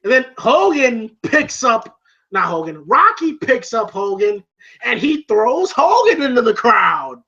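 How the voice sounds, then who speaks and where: A man's voice: very high-pitched, measured pace. A man casually retelling a film scene on a podcast, laughing and swearing as he goes. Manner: animated, laughing, acts out lines in shouts. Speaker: podcast co-host reviewing a film. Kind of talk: casual profane chat. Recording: dull lo-fi sound.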